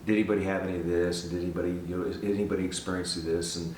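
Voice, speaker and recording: An older man earnestly telling a personal testimony in a casual, animated way, often repeating words as he goes. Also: sits low, racing, slight background noise. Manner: earnest, animated storyteller who repeats himself. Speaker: guest giving a testimony. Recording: roomy sound from a distance.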